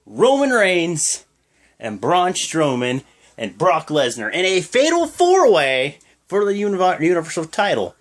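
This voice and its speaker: A young fan imitating a male wrestling manager slowly announcing a four-way match. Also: medium pitch, big pitch swings.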